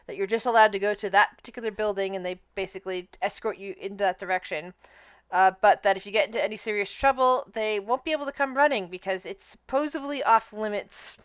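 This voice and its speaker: A woman's voice: mid-range voice, clear, resonant tone, dry recording. A woman running a tabletop game as game master, describing scenes and explaining rulings in a conversational way.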